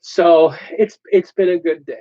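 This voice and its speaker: Host, male, high lively voice, laughs a lot, rambling casual chat, lo-fi stream audio. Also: unhurried, no room sound. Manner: laughs often, restarts sentences.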